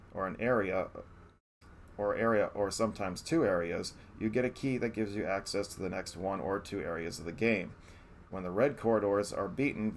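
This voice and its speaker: A lowish-voiced man earnestly reads out his live-stream review of a retro game he loves, often starting sentences over to fix them. A slight hiss or hum is audible.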